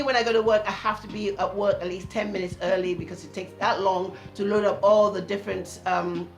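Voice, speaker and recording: A woman telling a personal story to camera in a casual, earnest vlog, quietly voicing her inner voice as she goes. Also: mid-range voice, echoey room. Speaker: vlogger.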